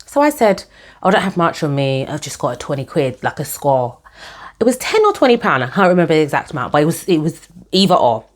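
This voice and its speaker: A young woman telling her own story to camera in a chatty, animated way, often calling her viewers guys. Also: low voice, quick pace.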